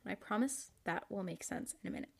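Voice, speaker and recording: A woman's voice: fairly low pitch, huge pitch swings, quick pace, gravelly, husky. A young woman hosting a podcast, reading her old journal aloud in casual chat, sarcastic and giggly, swearing freely. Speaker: podcast host.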